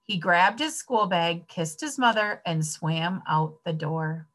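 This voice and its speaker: A woman reading a children's picture book aloud, expressive and addressing the children. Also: lowish voice, takes it slowly. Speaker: story reader.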